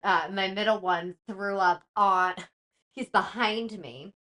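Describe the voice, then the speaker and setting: A woman in her thirties co-hosting a podcast, telling stories about her kids in casual chat, lively, laughing and swearing. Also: mid-range voice, slow pace. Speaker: podcast co-host.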